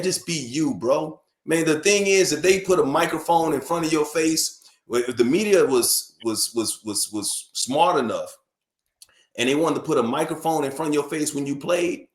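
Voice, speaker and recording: A man raised between New York and Alabama, talking sports as a radio guest. He speaks in an animated, emphatic way, tripping over repeated words when he gets going. His voice sits in a middle range and carries a roomy echo. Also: mid-range voice. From born in New York, raised in Alabama. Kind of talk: casual sports radio chat. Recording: echoey room.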